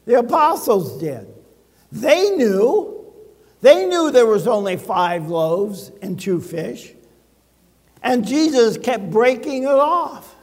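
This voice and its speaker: An older man pastor delivering a sermon, telling a personal story with humor and dramatic pauses. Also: very high-pitched, big pitch swings, long reverb tail.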